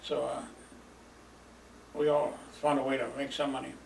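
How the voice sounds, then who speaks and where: An older man with a gravelly voice rambles through old memories, chuckling between lines and filling pauses. He sits some way from the mic in a roomy space with a faint hum of ambience. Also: medium pitch, flat delivery, recorded from a distance. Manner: rambling, chuckling, lots of fillers. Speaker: storyteller. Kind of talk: reminiscing oral history.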